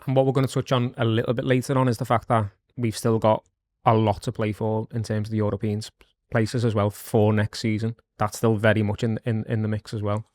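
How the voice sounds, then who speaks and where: A man co-hosts a football podcast in a measured, matter-of-fact way, with a lowish voice that barely rises or falls. The sound is dry and close, with no room echo. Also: flat delivery, a little mellow. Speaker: podcast co-host. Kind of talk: casual football chat.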